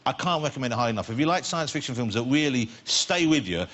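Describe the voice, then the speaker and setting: A man's voice: mid-range voice, expressive, fairly bright tone, dull audio. A man hosting a late-night talk show, bantering playfully with his guests in a studio. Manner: quick, jokey, playful banter. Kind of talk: chatty late-night interviewing. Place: TV studio with live audience.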